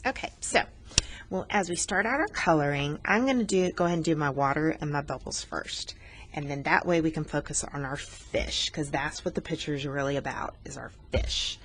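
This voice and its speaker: A woman's voice: low-pitched, moderate pace. A woman art teacher talking students through a coloring lesson, patient and explanatory, teasing herself now and then.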